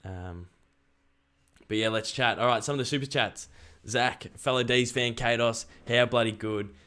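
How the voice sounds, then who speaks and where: A young Australian man chatting excitedly on a live stream and reading out viewer messages. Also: medium pitch, normal speed. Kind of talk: casual live stream chat.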